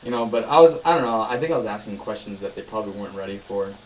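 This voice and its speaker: A man's voice: on the low side, steady tone, racing, a little hiss or hum, low-quality recording. A young man vlogging in a casual chat, telling rambling, upbeat stories full of fillers.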